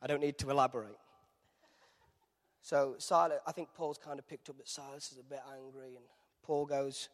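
A man's voice: medium pitch, steady tone, moderate pace, pauses often. A man preaching a sermon, telling a Bible story in a conversational storyteller's way. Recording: reverberant church hall.

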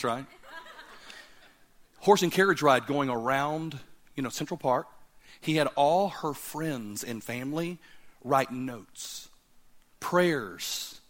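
A middle-aged man preaching a storytelling sermon as a guest preacher. He is animated, moving from loud laughing punchlines to hushed, earnest reflection. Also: medium pitch.

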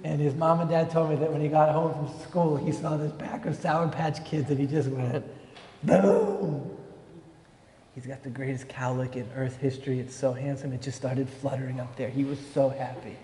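A man preaching a lively sermon, joking and acting out little voices as he teaches from a verse. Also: mid-range voice, a little fast, few pauses, a little hiss or hum. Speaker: pastor. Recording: echoey hall, long reverb.

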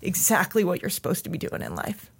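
Husky woman telling her story. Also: on the low side, huge pitch swings, a little fast. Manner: heartfelt, tearful at times. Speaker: podcast guest. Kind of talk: emotional personal storytelling.

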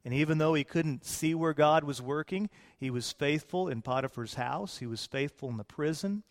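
A man preaching a sermon, retelling scripture with lively, playful asides to his congregation. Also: on the high side, moderate pace, big-room sound. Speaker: pastor.

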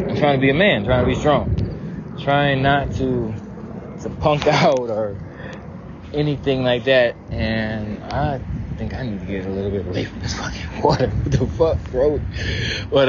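A man's voice: on the low side, highs cut off, background noise. A man on a pier by the water, teary and close to crying as he talks to a spirit in a profane, emotional prayer. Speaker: vlogger leading a prayer. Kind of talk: emotional outdoor prayer vlog.

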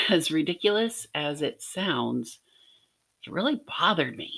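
A woman's voice: low voice, gravelly. A middle-aged woman from Arkansas teaching a devotional lesson, telling a personal story in an earnest way with light laughs. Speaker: podcast teacher.

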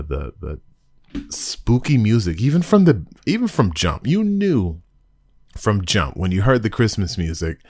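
A man hosting a casual show, excitedly reviewing an episode with giddy rambling, restarts and sudden high exclamations. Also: no echo, studio quality. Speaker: podcast host reviewing an episode.

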